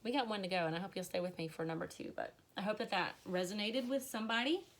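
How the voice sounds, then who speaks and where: A woman's voice: medium pitch, fast talker. A woman reading tarot cards on a live stream, chatty and emotional, with many fillers. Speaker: tarot reader.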